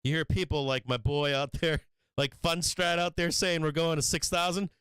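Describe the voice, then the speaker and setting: A man's voice: on the high side, fairly even intonation, normal speed, fairly bright tone, clear, resonant tone, no room sound. A man hosting a stock market live stream, giving heated, profane commentary in an emphatic, fired-up way.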